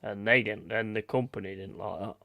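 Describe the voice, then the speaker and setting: Gravelly-voiced man, blunt and sweary. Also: fairly low pitch, fairly even intonation, brisk, bright, forceful tone, no echo. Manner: swears freely, blunt storytelling, reads out chat comments. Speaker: streamer chatting with viewers. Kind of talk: casual live-stream chat.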